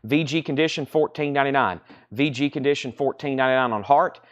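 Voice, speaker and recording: A man's voice: medium pitch, lo-fi sound. Man running a live record sale. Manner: brisk, repeats titles, conditions and prices. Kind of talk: live sales stream chat. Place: record shop during a live stream.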